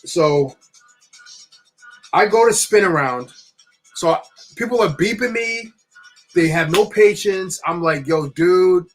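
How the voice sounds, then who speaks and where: A young man from New Jersey telling a long, rambling, animated story while building with bricks. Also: high voice. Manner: rambling, animated anecdote with many restarts. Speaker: LEGO builder streaming.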